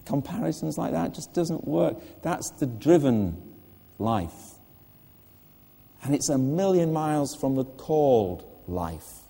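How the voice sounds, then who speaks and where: A man's voice: on the high side, big pitch swings, slow pace, gravelly, warm tone, big-room sound. An older man preaching a sermon in church, earnest, putting direct questions to the listeners.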